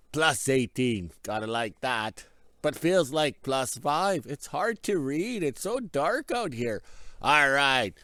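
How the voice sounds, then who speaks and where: A man with a hoarse, worn-out voice, talking into his phone outside on a winter yard. He rambles along with dry self-mocking jokes. His voice sits a little high and sounds close and dry. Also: fairly bright tone, dry recording. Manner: rambling, jokey, self-deprecating. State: hoarse, lost voice. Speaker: vlogger. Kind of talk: casual vlog narration. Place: outdoors in winter on a rural yard.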